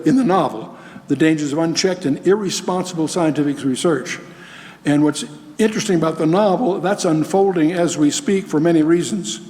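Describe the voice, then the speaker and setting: An older man lectures on scripture to an audience in a folksy, questioning way, slipping in dry asides. His voice sits a little high for a man. The sound trails off into the long reverb of a large hall. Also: darkish tone. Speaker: Bible teacher.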